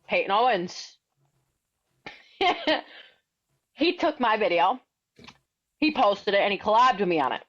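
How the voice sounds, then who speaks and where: Blunt, fast-talking young woman. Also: fairly low pitch, dry recording, lo-fi sound. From New England. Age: 20s. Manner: blunt, outspoken, slangy and quick. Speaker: firefighter and author, podcast guest. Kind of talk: casual interview storytelling.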